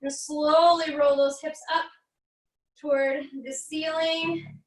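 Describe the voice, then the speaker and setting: High-voiced American woman leading a stretch class. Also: slow, reverberant, recorded from a distance, low-quality recording. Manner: calm, encouraging cues with light jokes. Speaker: fitness instructor. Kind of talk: guided barre stretching class.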